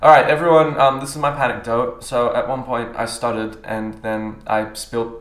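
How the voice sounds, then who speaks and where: Bright echoey young man telling stories. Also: medium pitch, flat delivery, normal speed, a little hiss or hum. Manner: laughing storyteller, acts out quotes loudly. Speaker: podcast host. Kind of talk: casual chat. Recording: echoey room.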